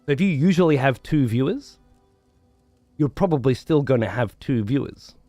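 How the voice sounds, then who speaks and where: A man's voice: medium pitch, expressive, moderate pace, warm tone, no echo, soft background music. A man livestreaming, chatting to viewers in a rambling, profane way and repeating words as he thinks. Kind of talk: casual chat to stream viewers.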